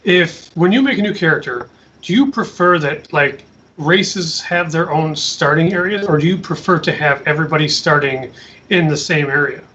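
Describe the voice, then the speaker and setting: A man's voice: a little high, moderate pace, sharp tone, a little hiss or hum. A man hosting a podcast, asking easygoing questions in a casual chat. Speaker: podcast host. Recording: dull lo-fi audio.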